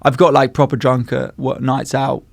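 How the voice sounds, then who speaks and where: A man's voice: medium pitch, little pitch movement, normal speed, vocal fry, no echo. A man, co-hosting a podcast and telling stories with plenty of swearing and laughter. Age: 20s. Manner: swears freely, laughs often, tells stories. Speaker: podcast co-host. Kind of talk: casual chat.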